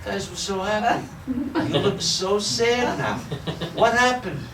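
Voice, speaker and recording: A man voicing a calm, patient boatman in a told story who reassures a group of monks. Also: high-pitched, measured pace, a little hiss or hum, voice pushed up. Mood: puzzled. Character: calm, wise old boatman. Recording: roomy echo, distant mic.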